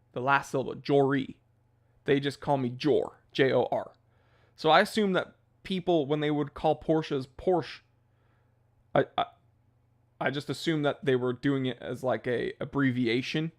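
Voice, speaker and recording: A man hosting a casual livestream, chatting loosely and rambling, with laughs at his own jokes. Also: fairly high pitch. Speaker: livestream host.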